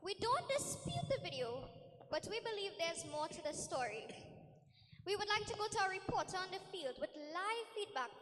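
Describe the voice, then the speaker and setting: A woman's voice: very high voice, sing-song, moderate pace, fairly bright tone, exaggerated voice. A woman playing a defense lawyer in a stage comedy skit, addressing the court in a theatrical, formal way. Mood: arguing. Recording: hall stage with faint noise.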